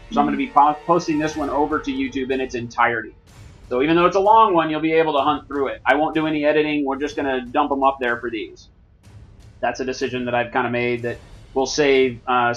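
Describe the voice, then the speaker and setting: A man co-hosting a live painting stream, chatting casually and thinking aloud as he works. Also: mid-range voice. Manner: relaxed, rambling, thinks aloud. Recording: dull lo-fi stream audio.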